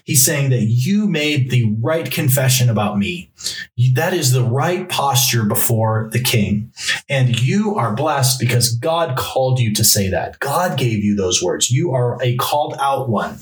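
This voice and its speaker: A man's voice: mid-range voice, lively intonation, a little slow. A male pastor preaching a sermon, reading Bible passages aloud and driving points home through emphatic repetition. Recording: roomy echo, mic from a distance.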